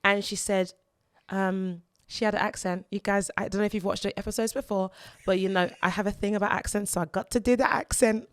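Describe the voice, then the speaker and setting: A woman co-hosting a podcast, telling a personal story in an earnest, halting way, repeating words as she gathers herself. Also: medium pitch, fairly even intonation, clear, resonant tone, no room sound. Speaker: podcast co-host and mother.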